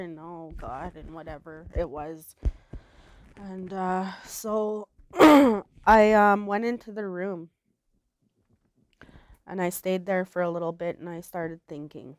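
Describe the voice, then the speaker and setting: A woman, giving a personal testimony in a halting, soft-spoken way with many pauses. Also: lowish voice, no room sound. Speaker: interviewee telling her life story.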